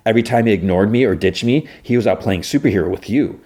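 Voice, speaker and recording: A man voicing a sulky, sarcastic teenage girl in a cartoon recap, in his own low voice. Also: fast talker, a little mellow, lightly acted.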